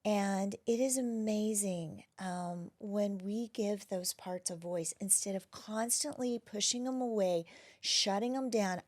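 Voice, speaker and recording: A woman who is a wellness practitioner, talking gently and reflectively as an interview guest, often dropping to a soft near-whisper. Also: medium pitch, unhurried. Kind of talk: casual interview conversation.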